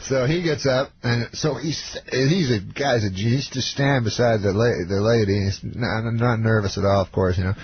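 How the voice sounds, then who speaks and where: Male comedian guest from Canada, deadpan, rambling storyteller; muffled hissy radio audio. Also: medium pitch, moderate pace, few pauses. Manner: rambling, full of fillers and self-corrections. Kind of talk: deadpan anecdote telling. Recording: muffled radio line with hiss.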